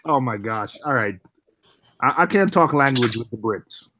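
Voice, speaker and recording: A man's voice: mid-range voice, lively intonation, normal speed, noisy background. A man from Jamaica chatting casually in a playful, teasing way. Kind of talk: casual group chat.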